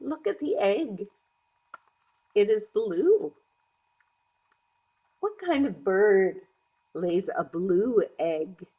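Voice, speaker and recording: Slow gentle woman reading aloud. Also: mid-range voice, animated, slightly rough. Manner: gentle, asking the children questions. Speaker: storyteller for young children. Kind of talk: reading a picture book aloud.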